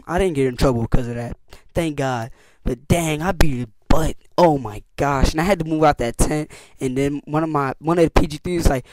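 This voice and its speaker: A teenage boy recounts camp stories for his channel in a slightly high, slangy voice. He jumps up in pitch and volume when he acts out what people said. The sound is close and dry, with no room around it. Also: a little fast, darkish tone, dry recording. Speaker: youtuber. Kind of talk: casual storytelling vlog.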